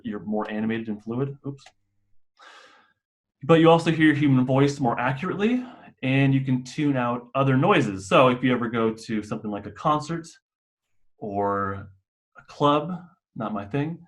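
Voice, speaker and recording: A man's voice: medium pitch, normal speed. Guy clinician walking parents and staff through a training, laid back, restarts now and then. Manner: casual explanatory, occasional restarts. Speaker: mental health clinician.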